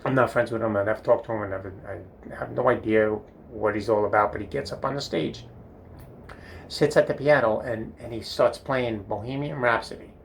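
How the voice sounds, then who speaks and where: Older New man, gravelly and rambling. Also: fairly low pitch, a little fast, a little hiss or hum. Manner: meandering, filler-heavy, chuckling at himself. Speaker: comedic storyteller. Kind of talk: rambling storytelling monologue. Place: bathroom.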